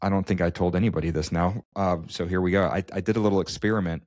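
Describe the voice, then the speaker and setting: Low voiced guy on a podcast, stammers through a story, dry sound. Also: fairly even intonation, quick pace, darkish tone, dry recording. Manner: storytelling, many restarts and stammers. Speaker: podcast co-host. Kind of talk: casual chat.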